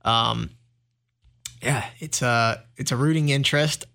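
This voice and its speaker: A man's voice: mid-range voice, fairly even intonation, unhurried, gravelly, pushed and bright. A man co-hosting a sports talk show, chatting casually and teasing his co-hosts playfully.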